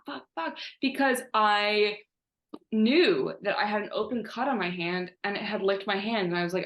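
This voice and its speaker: A woman telling a personal story in an online talk, animated and self-mocking, with many "like" fillers. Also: mid-range voice. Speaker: guest speaker. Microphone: video call. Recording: roomy echo.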